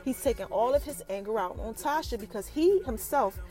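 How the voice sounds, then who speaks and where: A woman hosting a podcast, recapping a TV episode in an animated, chatty way and talking straight to her listeners. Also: a little high, a little fast, soft background music, poor audio. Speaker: podcast host.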